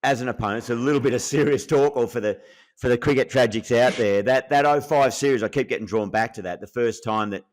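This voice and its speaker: A man's voice: mid-range voice, fast. Man, middle-aged, ex-cricketer, earnest, reflective, podcast talk. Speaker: former cricketer, co-host. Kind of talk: casual podcast chat.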